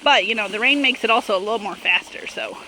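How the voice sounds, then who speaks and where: A young woman hosting a family vlog outdoors in the snow, chatting casually to a handheld camera and cheering on small children in an excitable way. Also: medium pitch, fast, noisy background. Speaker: vlog host and mother. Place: outdoors in the snow, backyard sledding hill.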